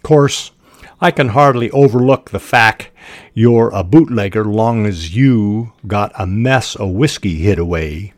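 A man's voice: lowish voice, a little slow, dry recording, clean studio sound, lightly acted. A man reading the dialogue of a sly, menacing Southern country deputy aloud, with a Southern country accent and an emphatic drawl. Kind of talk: dramatic reading of novel dialogue.

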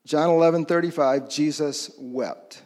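A man's voice: on the high side, a little slow, a little mellow, in a large hall. A man preaching a sermon in a conversational way, often asking his listeners questions. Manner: conversational, asks the audience questions.

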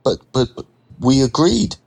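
A man reading a story and voicing an anxious male newcomer who stammers in halting broken English. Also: mid-range voice, lively intonation, a little mellow, pitched above the performer's own voice. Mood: alarmed.

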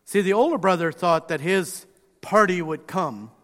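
High-voiced preacher in an echoing hall. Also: male voice, normal speed. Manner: animated storytelling, acts out quotes. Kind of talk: sermon. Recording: reverberant hall.

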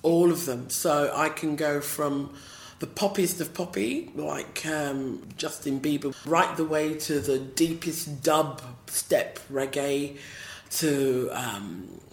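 A woman with a deep voice and a Southern English accent, chatting playfully as a singer being interviewed. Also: takes it slowly, reverberant, a little hiss or hum. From South East London, England. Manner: chatty and playful, laughs often. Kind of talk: casual interview chat.

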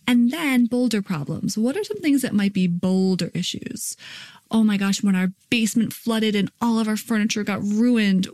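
A woman's voice: mid-range voice, a little mellow. A woman in her thirties hosting a parenting podcast in a casual, chatty way, acting out children's lines. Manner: quick, chatty, acts out kids' lines.

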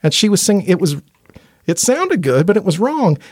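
A man's voice: sits high, big pitch swings, normal speed, a little mellow, no room sound, studio quality. A man from Indiana, a gospel quartet tenor, telling earnest, chatty stories as a podcast guest and laughing easily. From Indiana, USA. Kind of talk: casual interview storytelling.

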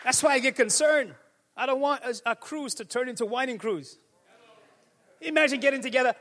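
A man with a very high, sharp, bright voice preaching to his congregation. He moves from quiet musing to fervent, shouted declarations. The sound carries a long reverb from the church hall. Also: fairly quick, some chatter behind. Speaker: pastor. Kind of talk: sermon. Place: church sanctuary.

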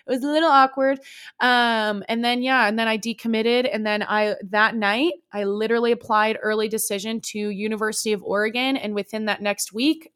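A woman's voice: mid-range voice, fairly bright tone, smooth. A young woman in her twenties hosting a podcast, candidly telling a personal story in an emotional, unfiltered way and swearing freely. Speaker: podcast host.

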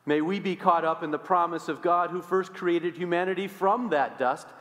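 A male pastor preaching a sermon in a church, swinging between loud emphasis and hushed, quiet lines. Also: high-pitched, long reverb tail. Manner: expressive, swings from loud to hushed, acts out quoted voices. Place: church sanctuary.

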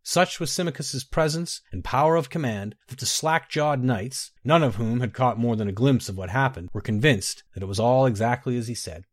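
A man reading a fantasy story aloud in a measured, even narrating voice. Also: medium pitch, dry recording, studio quality.

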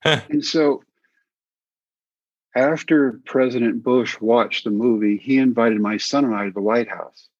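Husky middle-aged man telling stories. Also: medium pitch, unhurried, pauses often, dry recording. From Texas. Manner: animated anecdotes, acts out quoted voices. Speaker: interview guest, former pitcher. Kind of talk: casual storytelling. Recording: slightly dull dry sound.

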